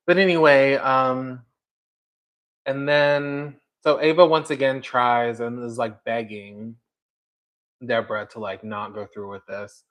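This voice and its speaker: A man's voice: medium pitch, steady tone, slow, pauses often, fairly bright tone. A man hosting a casual livestream, rambling through a story with lots of "like" and "um" while talking directly to a viewer in chat. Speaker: livestream host.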